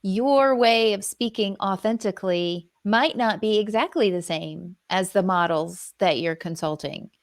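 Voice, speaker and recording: A woman's voice: medium pitch, measured pace, few pauses, dry recording, clean studio sound. A woman co-hosting a casual podcast, explaining ideas in a thoughtful, careful way. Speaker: co-host, dialect coach.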